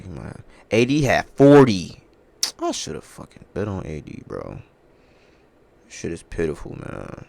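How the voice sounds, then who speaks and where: A young man hosting a casual sports podcast on his own, talking in a loose, profane way that swings between loud outbursts and low muttering. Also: gravelly. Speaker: podcast host. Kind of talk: casual sports talk monologue.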